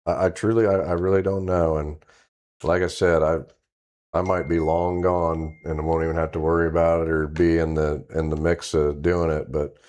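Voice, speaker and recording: Man, stream guest, tired, halting, very low voice. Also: darkish tone. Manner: low-key, halting, hesitant. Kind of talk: casual live-stream chat.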